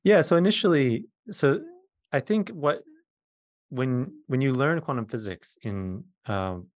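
A man's voice: mid-range voice, animated, measured pace, no room sound, clean studio sound. A middle-aged man, a physicist guest, patiently explaining science in plain words during a conversation.

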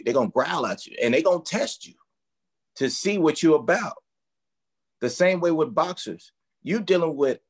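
His voice sits on the high side and sounds slightly rough. He coaches boxers in strength and conditioning, and in a relaxed interview he describes what he does using emphatic, colorful analogies.

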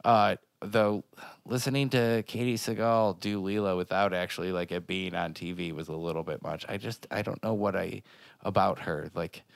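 Gravelly, smooth-voiced man chatting casually. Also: sits low, steady tone, normal speed, no echo. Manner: rambling, heavy on filler words. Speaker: podcast co-host. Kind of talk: casual chat.

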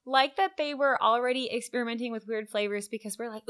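A woman co-hosting a book podcast in casual chat, relaxed and agreeable. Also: fairly high pitch, fast talker, smooth. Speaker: podcast co-host.

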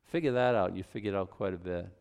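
A man's voice: deep voice, very fast, vocal fry, a little mellow, smooth. A middle-aged man pastor preaching a sermon in a conversational, folksy way, with frequent asides and repeated words.

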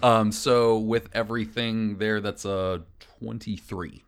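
A man's voice: on the low side, fairly even intonation, takes it slowly, smooth. A man playing a tabletop game, describing his character's moves and explaining rules in an easygoing way. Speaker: player. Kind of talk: casual tabletop game play.

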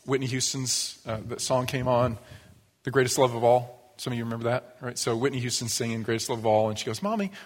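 A pastor giving a sermon, telling stories in a lively, conversational way. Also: male voice, mid-range voice, quick pace. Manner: storytelling, animated, acts out quoted voices. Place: church sanctuary. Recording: long church reverb.

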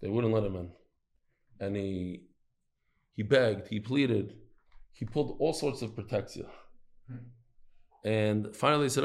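A man teaching a lively Talmud class to a live audience, quizzing his listeners and telling stories as he goes. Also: lowish voice, moderate pace, vocal fry, long pauses. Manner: animated, storytelling, quizzes the listeners.

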